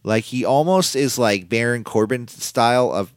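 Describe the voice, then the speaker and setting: A man's voice: mid-range voice, moderate pace, no echo, clean studio sound. A man hosting a casual solo podcast, recapping events in a rambling, opinionated way. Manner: rambling and opinionated, quotes people in put-on voices. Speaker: podcast host recapping wrestling.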